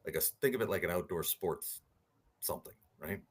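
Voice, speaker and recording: A very deep-voiced man telling his stories as a guest on an interview podcast. He speaks in an animated way and keeps tagging his points with a quick "right?". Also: husky. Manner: animated storyteller, rhetorical "right?" tags. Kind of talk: storytelling interview talk.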